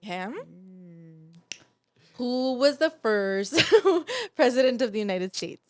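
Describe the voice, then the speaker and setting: A woman's voice: on the high side, expressive, takes it slowly, a little mellow. A woman hosting a casual podcast, teasing her guests with a laugh and slipping in Spanish words. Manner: playful, teasing, laughs a lot, drops in Spanish. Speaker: podcast host. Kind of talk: casual chat.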